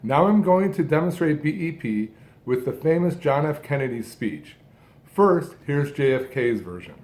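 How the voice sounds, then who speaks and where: Man, speech coach, short deliberate phrases, strong emphasis, lively pitch. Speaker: speech coach who stutters. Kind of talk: instructional talk.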